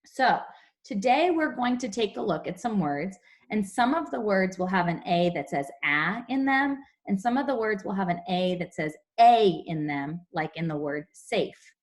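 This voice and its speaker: A young woman teaching a phonics lesson to young children over a video call, explaining slowly and clearly. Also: mid-range voice, expressive, darkish tone. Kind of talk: online class phonics lesson.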